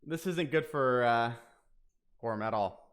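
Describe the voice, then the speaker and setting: A man hosting a casual race watch-along stream, talking excitably and swearing now and then. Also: mid-range voice, unhurried. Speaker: livestream host.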